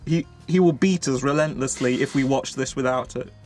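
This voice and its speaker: A man from England co-hosting a casual reaction show, rambling and joking and quick to laugh. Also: medium pitch, a little mellow, faint music behind. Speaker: co-host of a reaction channel. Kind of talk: casual chat.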